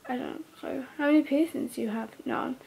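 A young woman vlogging, reading out quick questions and giving terse, offhand one-word answers. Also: sits high, gravelly, mellow. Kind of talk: casual question-and-answer vlog.

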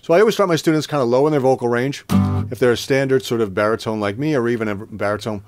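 A man teaching singing, explaining warm-ups in a plain, conversational way and breaking into sung scale demonstrations. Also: mid-range voice, quick pace, over music. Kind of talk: vocal lesson with sung demonstrations.

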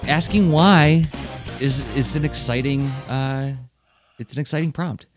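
A man's voice: mid-range voice, fairly even intonation, moderate pace, music in the background. A man co-hosting a podcast, explaining ideas in an earnest, reflective way. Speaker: podcast co-host. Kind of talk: casual podcast chat.

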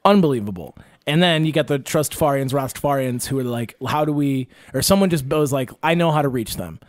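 A man's voice: mid-range voice, brisk, no room sound, studio quality. A man hosting a podcast in casual chat, telling stories animatedly, acting out other people's voices, swearing freely and laughing mid-sentence. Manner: animated storyteller who acts out quoted voices and swears freely. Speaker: podcast host. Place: indoor podcast recording.

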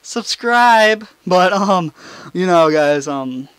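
A man's voice: sits high, animated, very slow, a bit bright, clear, resonant tone. A young man rambling and swearing through gameplay commentary at home, mocking himself as he goes. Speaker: gaming channel host. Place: room in his house. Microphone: face cam desk mic.

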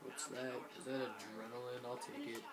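A man casually commentating co-op gameplay with friends, excitable, often yelling and laughing. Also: mid-range voice, normal speed, heavy background noise. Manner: excitable, yells and laughs during fights. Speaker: gamer playing co-op with friends.

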